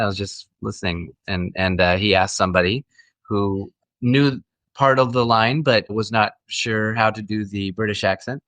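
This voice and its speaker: A man's voice: lowish voice, a bit bright, no room sound. A middle-aged man, an actor guest, telling stories in a friendly, casual interview chat with frequent restarts.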